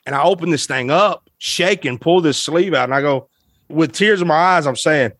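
A musician guest telling an animated, emotional anecdote, laughing often as he talks. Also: fairly high pitch, normal speed, dry recording, clean studio sound. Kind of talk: storytelling anecdote.

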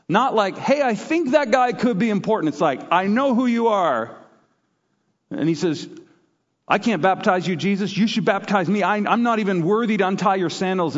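A man, a pastor from Canada, preaches a sermon with animated storytelling, slipping into quoted voices as he goes. His voice sits slightly high for a man. The sound is a bit muffled and lo-fi, carried by the long reverb of a large hall.

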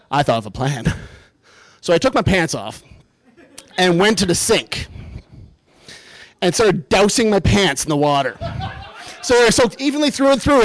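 A man telling a comic personal story in a self-deprecating, animated way, building toward punchlines. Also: high-pitched.

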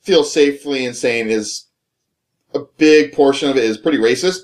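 A young man chatting casually with friends, profane and animated, laughing often. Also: mid-range voice, normal speed. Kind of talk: casual group chat.

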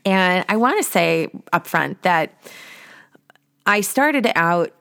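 A woman hosting a podcast, telling a personal story in a chatty way with lots of "like" and lively acted-out thoughts. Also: on the low side, slow, vocal fry. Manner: chatty, says "like" often; lively, acts out her own past thoughts. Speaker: podcast host.

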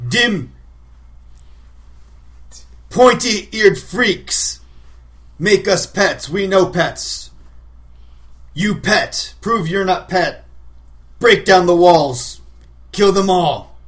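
A man's voice: sits high, lively intonation, extremely slow, pauses often, a bit bright, voice pushed up, exaggerated voice. A man voicing a brutish male orc war boss who blusters in broken grammar over an intercom. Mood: bellowing.

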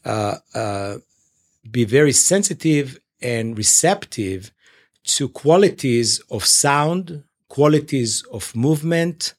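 Halting male clinician, many fillers. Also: medium pitch, expressive. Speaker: clinician at a psychological services organization. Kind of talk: explaining in an interview.

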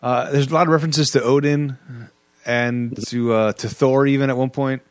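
A man hosting a casual movie podcast, talking in halting bursts with many restarts and frequent laughs. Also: mid-range voice, steady tone, smooth, dry recording. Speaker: podcast host. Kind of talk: casual movie review chat.

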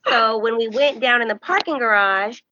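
A young woman hosting a podcast, telling a story in casual chat and acting out the quoted voices with high, animated bursts. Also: normal speed, lo-fi sound, noisy background. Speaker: podcast host.

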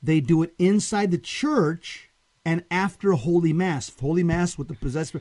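A man's voice: fairly high pitch, normal speed, darkish tone. A man co-hosting a talk show, reading a story aloud and adding casual commentary between passages. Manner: reads aloud with dramatic emphasis on quoted lines. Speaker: co-host.

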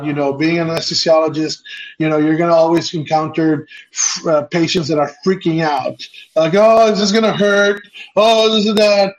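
Man, slightly high voice, hesitant, lots of fillers, dull lo-fi audio, video call. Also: a little mellow. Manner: hesitant, many fillers and restarts. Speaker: entrepreneur guest. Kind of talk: casual interview.

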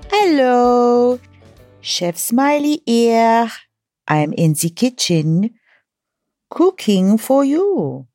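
A woman's voice: medium pitch, dark tone, no room sound, clean studio sound, full character voice. A woman voicing a theatrical female French chef with a put-on French accent, savoring each revolting ingredient in a playful, hammy way.

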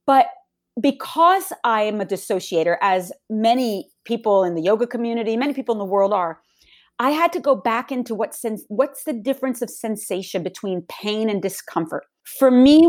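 Woman, middle-aged, yoga teacher, reflective storytelling, measured, slows for emphasis. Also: on the high side. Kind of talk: personal storytelling in conversation.

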